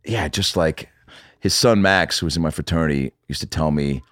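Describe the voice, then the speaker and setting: A podcast guest with a very deep voice chats casually at a normal pace, recorded with studio quality and no echo. He's an animated storyteller who swears a lot and acts out the quotes in his stories.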